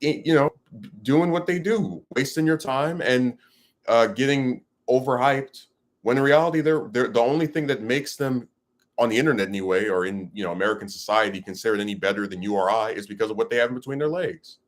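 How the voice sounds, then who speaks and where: A man's voice: medium pitch, a little fast. A man giving ranting commentary to his audience, emphatic and rambling, with many restarts.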